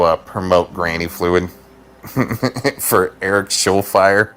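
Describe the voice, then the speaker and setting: A man's voice: deep voice, level tone, a bit bright, faint music behind. A man mocking his targets sarcastically on a livestream, drawing out his words. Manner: sarcastic, drawn-out, chuckling.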